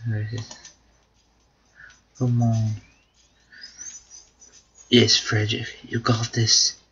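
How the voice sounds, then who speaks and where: A man's voice: on the low side, completely flat delivery, drawn-out words, a bit bright, highs cut off, a little hiss or hum. Man cheering on his game duck. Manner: puts on a mock British accent. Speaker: gamer, video host. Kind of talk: casual gameplay commentary.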